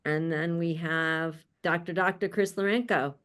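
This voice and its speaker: A woman hosts an online panel over a video call, introducing each guest warmly. She is chatty and laughs often, with friendly asides between names. Her voice sits slightly low for a woman. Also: fairly even intonation, unhurried. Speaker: panel host.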